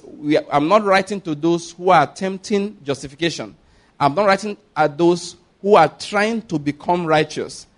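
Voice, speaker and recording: A man preaching a sermon, slowing down to read scripture with stress and hurrying through his asides to the congregation. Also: on the high side. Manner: calls on the congregation to repeat and notice.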